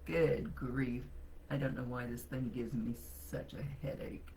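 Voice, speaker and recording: A woman's voice: very deep voice, fairly even intonation, a little slow, darkish tone, slight background noise. A woman hosting her weekly psychic livestream from home, chatting casually in a blunt, grumbling way and swearing freely. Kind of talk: casual live-stream chat.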